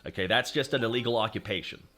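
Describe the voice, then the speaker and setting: A man's voice: lowish voice, fast talker, a bit bright. A young Canadian man with a Canadian accent, streaming a game and chatting to his viewers in a casual, profane, ranting way. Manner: profane, ranting, talks to chat. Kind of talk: casual gaming stream chat.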